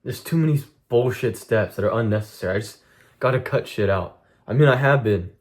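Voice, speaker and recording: A man's voice: medium pitch, brisk. A young man streaming a blunt, profane monologue to his chat, venting intensely about discipline and cutting things out. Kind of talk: casual vlog monologue to chat.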